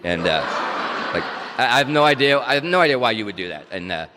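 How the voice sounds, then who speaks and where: A man's voice: medium pitch, big pitch swings, quick pace, noisy background. A man telling his own recovery story in a candid, wry, self-mocking way, like a speaker at a meeting. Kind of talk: casual storytelling talk. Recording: hall reverb.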